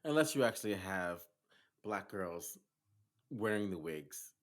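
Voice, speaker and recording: A man's voice: low-pitched, animated, a little slow. A man co-hosting a casual podcast who asks curious, playful questions and sometimes jokes around. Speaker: podcast co-host. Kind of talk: casual chat.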